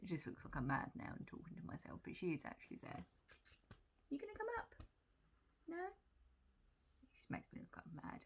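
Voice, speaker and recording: A woman telling stories about her cats in a soft, breathy whisper, in a whispered role-play style. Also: sits low, animated, quick pace, few pauses. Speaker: cat vlogger.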